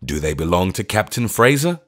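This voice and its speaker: A man voicing a cool, stern eccentric gentleman with a low voice. He speaks slowly and deliberately, giving each word weight, in a storybook reading. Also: sing-song.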